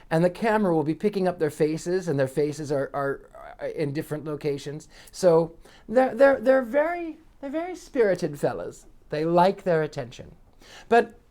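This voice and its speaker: Chatty man telling a rambling story. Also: a little high. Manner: chatty, rambling, many restarts; animated, acts out quoted voices. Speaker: psychic and channel host. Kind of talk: casual storytelling monologue.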